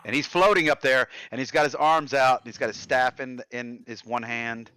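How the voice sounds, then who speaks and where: A man's voice: medium pitch, steady tone, normal speed, bright, forceful tone, clean tone. A man playing a tabletop game, eagerly and ramblingly describing his character's actions. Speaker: player.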